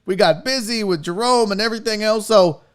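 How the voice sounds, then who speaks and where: A man's voice: high-pitched, a little fast, clear, resonant tone. A man hosting a live podcast in a casual, rambling way, joking and swearing as he goes. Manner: rambling, jokey and profane. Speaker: podcast host.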